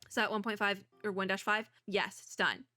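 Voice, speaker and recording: A woman's voice: mid-range voice, moderate pace, sharp tone, dry recording, faint music behind. A young woman commentating casually while playing a game, chatty and rambling, laughing often and losing her voice. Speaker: gaming content creator. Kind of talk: casual let's-play commentary.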